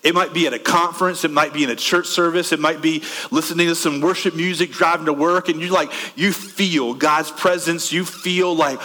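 A man preaching a sermon conversationally, asking the room questions and swinging between quick bursts and slow, soft stretches. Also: on the high side, big-room sound. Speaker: pastor.

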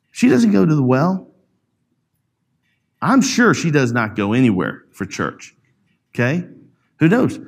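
A middle-aged man telling a family story to a church audience, acting out the voices he quotes. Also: mid-range voice. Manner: animated, acts out quoted voices. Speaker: parent speaking to a church audience. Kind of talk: storytelling talk.

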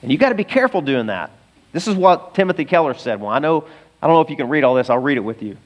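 A middle-aged pastor preaches in a chatty, animated style, tossing asides to his congregation. His voice sits fairly high and he talks very fast.

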